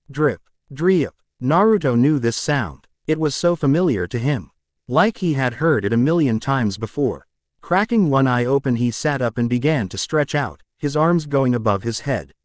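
A man narrating a fan fiction story in an expressive storytelling manner. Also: medium pitch, no room sound, studio quality.

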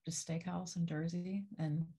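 A woman's voice: on the low side, little pitch movement, unhurried, dark tone, husky. A woman hosting a podcast and reading out horror trivia questions, chatting casually, laughing easily and swearing now and then. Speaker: trivia quizmaster and podcast host.

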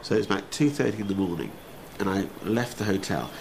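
Animated man telling stories. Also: brisk, gravelly, noisy background. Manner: animated storyteller, bursts into high mimicry. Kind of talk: anecdotal interview.

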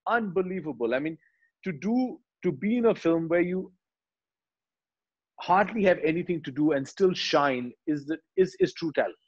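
Husky man telling a story. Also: a little high, normal speed, highs cut off. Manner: animated storyteller, acts out dialogue lines quietly. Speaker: actor, interview guest. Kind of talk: conversational interview, retelling film scenes.

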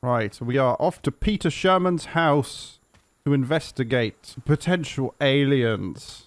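A man's voice: medium pitch, lively intonation, takes it slowly, no echo. A young man giving casual, sarcastic gameplay commentary, swearing freely and yelping when startled. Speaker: gaming commentator.

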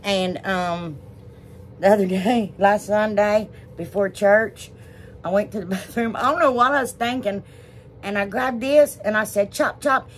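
A woman's voice: medium pitch, measured pace, slight background noise. A woman hosting a casual crafting vlog, rambling and gushing over what she shows. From United States. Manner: rambling, gushing, says y'all often. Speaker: DIY crafts channel host.

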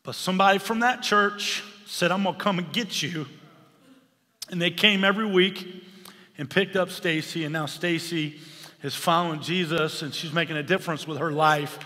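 Fired-up male preacher, bright tense tone, long reverb of a church hall. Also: fairly high pitch, fairly even intonation, moderate pace. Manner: impassioned, rising to shouts. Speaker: pastor. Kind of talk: sermon.

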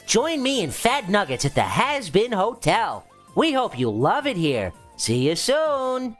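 A man's voice: sits high, wildly swooping pitch, a little slow, fairly bright tone, soft background music, pitched above the performer's own voice, exaggerated voice. A man putting on a bubbly young demon princess. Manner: bubbly, sing-song, admittedly out of character.

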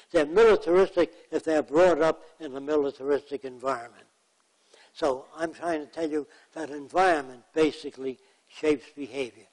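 A plainspoken man gives a lecture full of anecdotes. His voice sits fairly high for a man. He acts out the people in his stories. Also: darkish tone, poor audio. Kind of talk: storytelling lecture.

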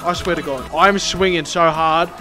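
A man's voice: a little high, steady tone, moderate pace. A young man playing a horror game, swearing and yelping with fright as he talks over it. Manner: swearing, yelping and shrieking at jump scares. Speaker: gaming YouTuber. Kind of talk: horror game playthrough commentary. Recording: game music loud behind the voice.

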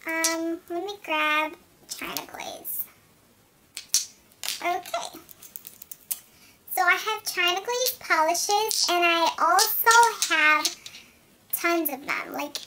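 A woman's voice: very high-pitched, bright, forceful tone, a little hiss or hum. A young woman chatting at home as a beauty vlogger, showing off her products in a rambling way full of fillers. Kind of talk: casual chat, showing products.

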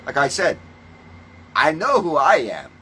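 Guy ranting like a preacher, swears constantly, a bit high-pitched, goes calm then loud. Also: unhurried, slight background noise, poor audio. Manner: ranting, scornful, swears a lot; shifts between calm teaching and loud outbursts. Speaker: self-styled religious preacher. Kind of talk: profane preaching monologue.

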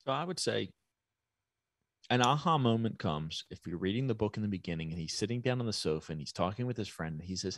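Male podcast guest, reflective, animated pitch, dry close sound. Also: fast talker, no echo. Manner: thoughtful, explains with everyday analogies. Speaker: podcast guest, business owner. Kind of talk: reflective conversational interview.

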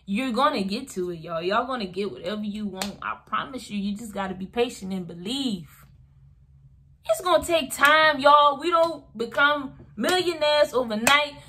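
A young woman vlogger speaks straight to her viewers, calling them y'all as she gives emphatic motivational advice and repeats her points. Her voice is fairly high and fairly bright, with a little hiss or hum in the recording.

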